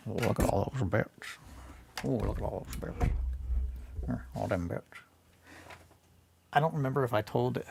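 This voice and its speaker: Brief: male stream host, gravelly mid-pitched voice, loose rambling chat, quick laughs and casual swearing. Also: darkish tone. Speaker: hobby livestream host.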